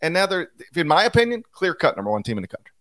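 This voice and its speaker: A man's voice: a little high, no room sound, clean studio sound. A man co-hosting a basketball podcast, talking casually and with animation, often restarting his sentences. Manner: animated, chatty, with restarts and quick asides. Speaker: podcast co-host, basketball analyst.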